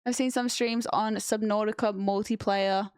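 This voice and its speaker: A woman's voice: mid-range voice, fairly even intonation, normal speed, darkish tone, clean tone, dry recording. A young woman streamer chatting casually with her viewers and answering chat on a close mic.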